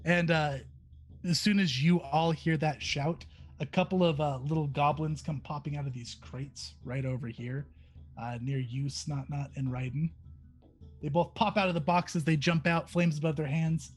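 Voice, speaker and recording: A man running a tabletop game as game master, relaxed, explaining the rules step by step. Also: a little high, normal speed, soft background music.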